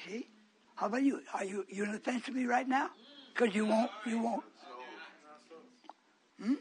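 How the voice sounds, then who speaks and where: A man preaching on the radio, scolding his listeners with rhetorical questions and swinging from low muttering to repeated shouted exclamations. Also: moderate pace, long pauses, low-quality recording. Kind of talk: fiery radio sermon with call-ins.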